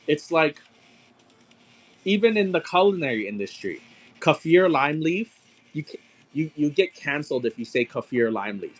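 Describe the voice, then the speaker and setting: Running a live-stream auction, this thirtysomething man swaps casual chat for sales, cursing heavily through an animated story and announcing sale numbers. He speaks at medium pitch, unhurried, leaving long pauses between phrases.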